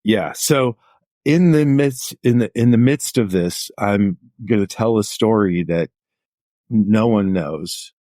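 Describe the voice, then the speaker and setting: This middle-aged journalist guest chats through stories in a casual interview, saying "like" again and again. He talks slowly in a lowish, dark-toned voice, and the studio sound is clean with no echo.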